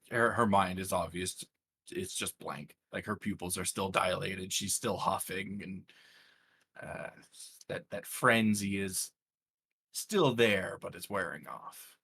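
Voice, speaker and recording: A man's voice: low-pitched, slow, gravelly, pushed and bright, husky. A man describing his character's actions in a tabletop game, hesitant and full of fillers. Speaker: player.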